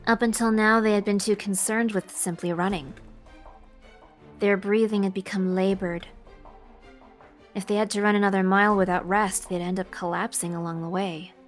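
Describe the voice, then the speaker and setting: A woman's voice: mid-range voice, flat delivery, moderate pace, soft background music. Woman narrating a game story. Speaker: narrator reading a visual novel. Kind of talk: dramatic narration read aloud.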